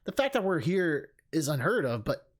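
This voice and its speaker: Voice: medium pitch, big pitch swings, normal speed. A streamer reading a game's story aloud and breaking off for chatty, laughing asides. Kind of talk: reading narration with live commentary.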